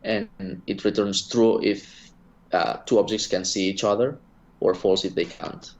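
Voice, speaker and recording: A man's voice: fairly low pitch, a little slow, dull audio. A man answering interview questions as a guest developer, hesitant with lots of fillers. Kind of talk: casual interview answers over a call.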